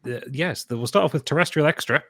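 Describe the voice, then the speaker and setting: A man with a Northumbrian accent co-hosting a casual podcast, halting and restarting as he reads out listener posts. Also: on the high side, fairly bright tone, no room sound, clean studio sound. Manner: halting, with frequent restarts when reading aloud.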